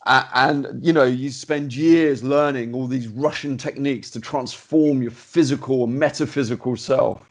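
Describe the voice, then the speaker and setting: Give me a man at a medium pitch, hosting a podcast and telling a story with lots of restarts. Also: moderate pace, few pauses. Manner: animated anecdote-telling, with many fillers and restarts. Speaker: podcast host. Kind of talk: casual storytelling chat.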